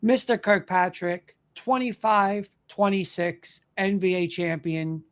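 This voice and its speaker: A man's voice: high-pitched, slow pace. A man hosting a live fan show, talking emphatically and repeating himself. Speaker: host.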